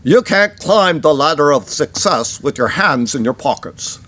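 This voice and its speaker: Man doing a rough Austrian action-star impression, deliberate delivery. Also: fairly high pitch, animated, a bit bright. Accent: Austrian (imitated).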